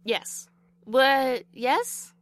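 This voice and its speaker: A woman co-hosting a casual book discussion podcast, chatty and playful, quick to laugh. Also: high-pitched, no room sound. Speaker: podcast co-host.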